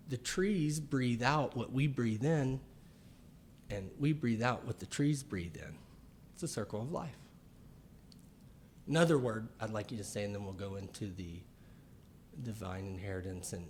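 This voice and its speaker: A man who works as a chiropractor and author, talking through ideas in a casual podcast conversation, slow and deliberate, with pauses and fillers. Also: fairly low pitch, slight background noise.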